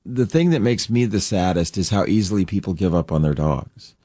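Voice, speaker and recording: Low-voiced male dog counselor explaining. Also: lively intonation, a little fast, mellow, no room sound, clean studio sound. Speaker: dog behavior counselor, guest. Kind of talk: explaining in an interview.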